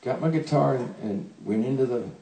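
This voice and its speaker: An older man, a songwriter, telling a comic story on stage in a folksy, animated way, playing out the people he quotes, to a laughing audience. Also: mid-range voice, moderate pace, creaky, roomy sound, distant mic, low-quality recording.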